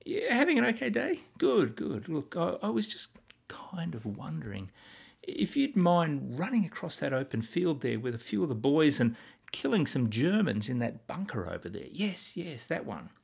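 A man's voice: a little high, big pitch swings, moderate pace, creaky, breathy edge, exaggerated voice. A man voicing an overly polite, hesitant army captain who rambles apologetically instead of giving orders. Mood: sheepishly polite. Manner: rambling, apologetic, dithering small talk.

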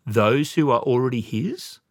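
A male pastor delivers a sermon with emphasis and pauses, putting questions to his listeners. His pitch swings widely from high to low. The sound is dry, with little room echo. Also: expressive, creaky. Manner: emphatic, questioning the congregation, pausing for effect.

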